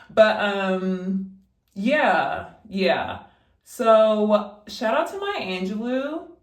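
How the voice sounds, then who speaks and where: A woman's voice: medium pitch, reverberant. A young woman in a casual vlog, emphatically giving advice straight to the viewer while getting ready at home. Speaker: vlogger.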